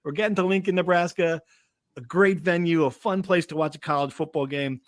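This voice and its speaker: A man's voice: on the high side, fairly even intonation, fairly quick, dry recording, clean studio sound. A man hosting a casual sports podcast, joking and teasing his co-hosts. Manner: joking, teasing, self-described hotel snob. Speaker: podcast host.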